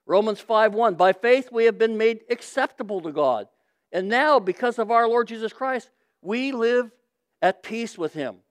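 A man's voice: high voice, animated, moderate pace, smooth, no echo. A man, a pastor, preaching a sermon in a conversational, emphatic way with short repeated phrases.

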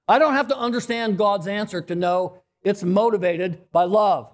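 A man preaches in a notably high voice. He delivers an earnest sermon, repeating key phrases and clearing his throat now and then. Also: unhurried. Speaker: pastor.

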